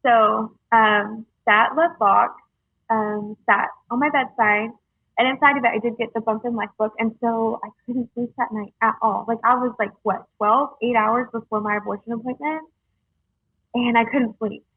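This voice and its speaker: A young woman telling her personal story in a halting, earnest way, with many fillers, heard over a tinny phone-like line. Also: fairly high pitch, fairly even intonation, breathy edge, dry recording. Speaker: guest sharing her story. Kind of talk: casual storytelling.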